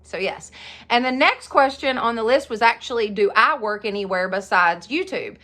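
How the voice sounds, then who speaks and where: A woman's voice: fairly high pitch, expressive, normal speed, sharp tone. A woman, chatting through a casual Q&A vlog, rambling and often laughing. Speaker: YouTuber of a home decor channel.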